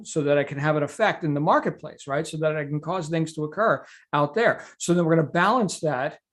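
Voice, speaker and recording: A middle-aged man, coaching on a motivational call. He talks emphatically, repeats words and often checks in with "right?". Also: on the high side.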